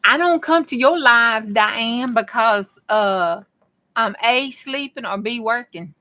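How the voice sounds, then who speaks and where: This craft vlogger, a middle-aged woman, speaks slowly in a slightly high, pushed, bright voice. She keeps up folksy, casual chat with viewers while crafting a project.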